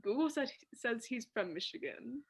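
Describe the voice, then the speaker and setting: A woman's voice: on the high side, expressive, normal speed, gravelly, breathy edge. A young woman co-hosting a casual podcast, playful, laughing and mimicking voices. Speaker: podcast co-host. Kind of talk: casual chat.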